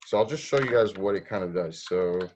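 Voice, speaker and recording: A man's voice: low voice, brisk, a little mellow, slight background noise. A man teaching a robotics class online, explaining step by step, asking students questions and often restarting his sentences. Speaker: robotics instructor. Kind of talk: online coding lesson.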